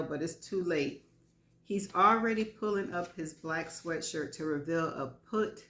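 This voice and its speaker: A woman's voice: low voice, a bit bright. A woman giving a live reading of frank first-person fiction, wry and laughing between lines. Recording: echoey room.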